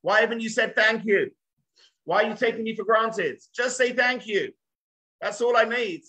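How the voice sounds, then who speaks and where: An English man voicing an exasperated, demanding wife in a shrill, pleading voice. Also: moderate pace, bright, forceful tone, poor audio.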